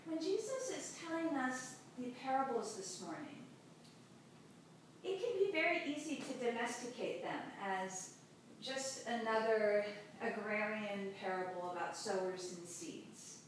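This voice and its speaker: A woman pastor giving a sermon, telling a story in a slow, measured way with long pauses. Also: a little high, expressive. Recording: very echoey hall, distant mic, faint noise.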